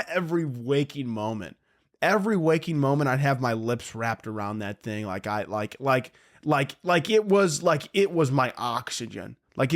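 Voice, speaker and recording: A young man hosting a solo podcast, rambling and cutting himself off, laughing at his own jokes. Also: mid-range voice. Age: young adult. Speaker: podcast host.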